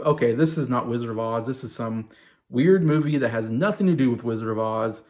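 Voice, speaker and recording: A man's voice: medium pitch, normal speed, a little mellow. A man hosting his own video, rambling through an exasperated casual movie review with mocking asides. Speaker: video host.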